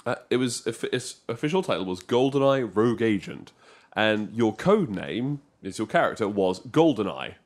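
A man doing a casual podcast co-host who talks about old games with a lively, swooping voice. He jokes often and jumps into quick bursts of excitement. The talk is loose and conversational. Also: on the low side.

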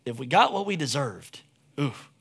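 A man's voice: mid-range voice, big pitch swings, moderate pace, a bit bright, slightly rough. A young adult man preaching a casual sermon, telling stories with frequent restarts. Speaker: pastor.

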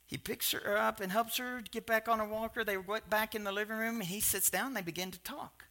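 A man in his sixties preaching a sermon, telling stories in a rambling, animated way with asides and restarts. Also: high voice, brisk. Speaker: pastor. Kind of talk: sermon storytelling.

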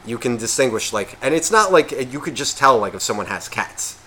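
A man's voice: medium pitch, big pitch swings, a little fast, pushed and bright, a little hiss or hum. A man co-hosting a podcast, ranting in a casual, profane way and acting out imagined voices. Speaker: podcast co-host.

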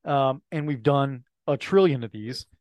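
A middle-aged man co-hosting a casual podcast, easygoing and quick to agree. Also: medium pitch, a little mellow, no room sound. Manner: easygoing, lots of agreeing murmurs. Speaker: podcast co-host. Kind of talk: casual chat.

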